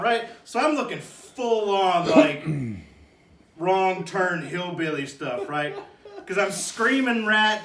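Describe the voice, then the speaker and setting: A man telling a funny personal story in a loose, animated way, bursting into shouts and laughter as he acts it out. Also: sits high, slow pace, a little hiss or hum. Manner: animated, shouts and laughs while acting out the scene. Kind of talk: casual spoken anecdote. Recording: echoey room, distant mic.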